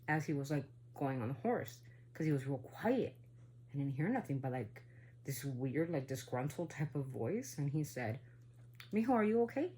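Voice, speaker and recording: A woman casually telling a spooky family story, rambling with asides and questions to the listener, sometimes going hushed for the eerie parts. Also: deep voice. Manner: rambling, full of asides and "right?".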